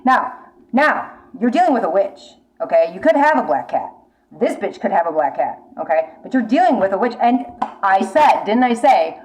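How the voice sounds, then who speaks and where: A woman's voice: mid-range voice, darkish tone, poor audio. Blunt, profane woman tarot reader. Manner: blunt, profane, urgent warnings with repetition. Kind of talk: casual spoken tarot reading.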